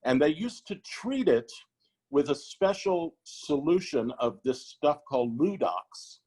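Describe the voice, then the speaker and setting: A man who performs on stage tells a backstage anecdote on an online panel. He explains things in a measured way, and his voice sits a little high. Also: lively intonation, warm tone, husky. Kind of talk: casual anecdote.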